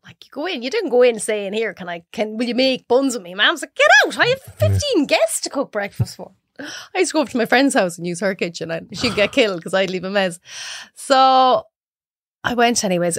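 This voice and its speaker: A woman's voice: medium pitch, no echo, clean studio sound. A young adult Irish woman, a cook and podcast guest, chatting casually and acting out other people's voices as she tells stories. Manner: animated storyteller, acts out others' voices. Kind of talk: casual chat.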